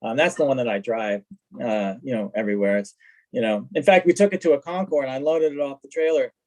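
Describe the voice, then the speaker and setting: A man telling stories in a casual chat as a guest, lively, acting out what people said. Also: mid-range voice, fast, rough recording. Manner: animated, acts out quoted dialogue. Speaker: guest, car collector. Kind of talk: casual storytelling.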